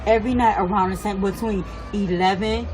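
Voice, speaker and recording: A woman's voice: medium pitch, fairly even intonation, a little fast, poor audio. Agitated woman retelling a shooting. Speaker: resident telling of a shooting. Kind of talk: casual storytelling.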